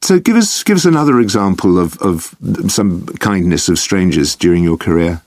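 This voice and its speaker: Guy interviewing, really deep voice, soft encouraging questions. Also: lively intonation, normal speed, no echo, studio quality.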